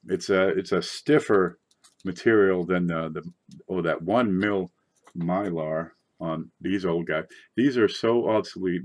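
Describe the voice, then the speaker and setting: Seated low at his desk, the host of a coin collecting channel chats casually on a livestream. He rambles on sociably and breaks into sudden excited outbursts.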